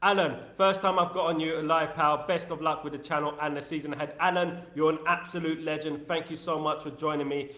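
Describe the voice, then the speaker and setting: A man hosts a casual live stream, ranting with passion and breaking off to greet viewers in the chat. His voice sits a little high. The room gives it a roomy echo. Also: steady tone, fairly quick, few pauses, bright, forceful tone. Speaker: host of a fan live stream.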